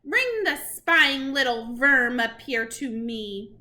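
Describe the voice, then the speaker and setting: A woman voicing a vicious female witch leader who barks loud commands in a storybook reading. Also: very high voice, sing-song, normal speed, voice pushed up, exaggerated voice. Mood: commanding. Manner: barking commands.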